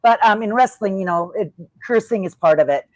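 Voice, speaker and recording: Brisk and mid-range, on a dry recording, a middle-aged ex-wrestler chats casually in an interview. Talkative and expressive, she brings her stories to life by acting out the voices of the people in them.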